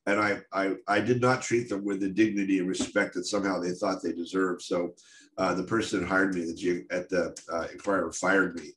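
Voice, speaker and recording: A man's voice: sits low, level tone, fairly quick, a bit bright. A middle-aged American man, a photographer telling stories from his career in a candid, self-deprecating way with many fillers. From United States. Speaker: photographer giving a talk. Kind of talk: storytelling talk. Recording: echoey room with faint noise.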